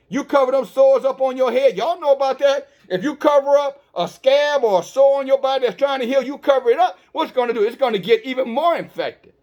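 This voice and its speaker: A man's voice: extremely high pitch, darkish tone, muffled recording. A man preaching an online sermon, talking straight to his listeners with rhetorical questions and many stammered restarts. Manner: emphatic, with frequent stammered restarts.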